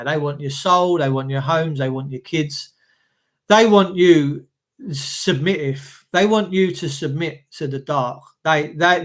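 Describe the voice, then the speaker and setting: A man's voice: a little high, fairly bright tone. A middle-aged man ranting bluntly to his livestream viewers, swearing heavily and repeating himself. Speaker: livestream host reading chat. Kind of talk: casual ranting monologue.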